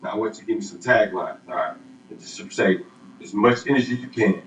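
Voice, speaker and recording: A man's voice: lowish voice, a little fast, echoey room, slight background noise, poor audio. A man interviewing a young athlete and reading upbeat questions from a script.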